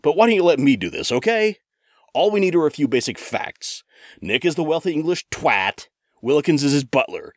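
A man's voice: a little high, expressive, brisk, no room sound, studio quality. A man narrating a comedy audio drama, sarcastic and exasperated.

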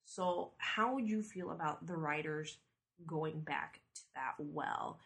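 Deep, gravelly-voiced woman caller. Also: takes it slowly, a bit bright. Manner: conversational, with fillers. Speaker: caller sending an audio question. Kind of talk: casual recorded question.

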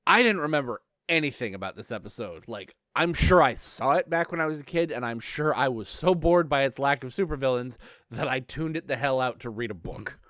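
A man of middle pitch whose voice jumps around as he jokes on a podcast. He talks in a sarcastic, playful way, recorded close with a dry sound. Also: fairly quick, no room sound. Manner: joking, sarcastic, animated. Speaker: podcast co-host. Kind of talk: casual chat.

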